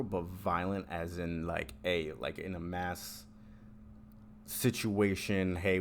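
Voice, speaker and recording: A man's voice: low-pitched, slight background noise. A man casually reviewing a book on his channel, rambling with frequent restarts and filler words.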